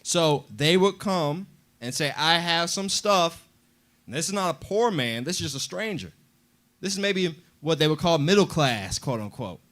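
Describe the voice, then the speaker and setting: A man teaching a Bible class in a preaching style, lively and acting out quoted voices as he explains. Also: fairly high pitch, moderate pace. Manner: animated, acts out voices in quotes.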